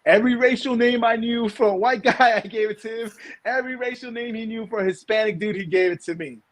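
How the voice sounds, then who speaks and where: In a very high voice and at a fast clip, a thirty-something New Yorker co-hosts a laid-back podcast. He rambles through his opinions, restarting often and breaking into emphatic bursts.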